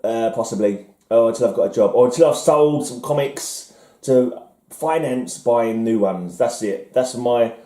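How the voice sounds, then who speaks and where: A man's voice: medium pitch, unhurried, mellow, roomy sound. A man casually rambling through his comic haul, musing aloud and mocking himself as he goes. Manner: musing, self-mocking, trailing off. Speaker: comic collector showing a haul.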